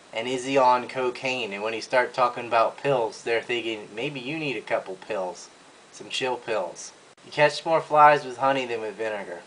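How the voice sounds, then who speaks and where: A man's voice: mid-range voice, a bit bright, low-quality recording. Man ranting in mocking commentary. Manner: blunt, mocking, crude insults. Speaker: video commentator.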